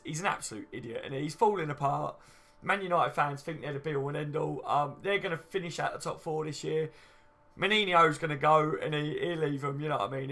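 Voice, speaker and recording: A man's voice: fairly high pitch, vocal fry, bright, forceful tone. A man in his late twenties hosting a casual fan livestream, chatty and matey, reading out viewer comments and swearing freely. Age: late 20s. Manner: chatty, matey, swears casually, says "you know what I mean" a lot. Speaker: fan channel livestream host.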